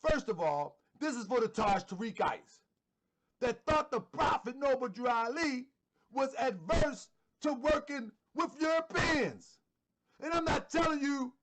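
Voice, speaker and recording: A man hosting an online show, giving fervent religious commentary and repeating phrases for emphasis. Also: very high voice. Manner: fervent, sometimes shouting.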